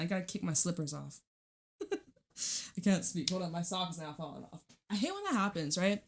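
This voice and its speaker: A woman giving a casual tarot reading at home into a microphone, chatty and blunt, swearing and laughing often. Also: mid-range voice. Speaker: tarot reader. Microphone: studio microphone.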